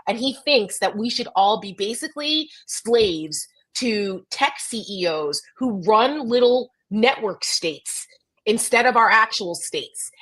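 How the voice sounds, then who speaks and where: Blunt, animated woman co-host. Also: medium pitch, low-quality recording. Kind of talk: casual political chat.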